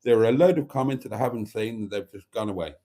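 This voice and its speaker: A man with a lowish, dark-toned voice talks fast as he hosts a live stream, reading viewer comments aloud. He rambles chattily, pokes fun at himself, and swears mildly.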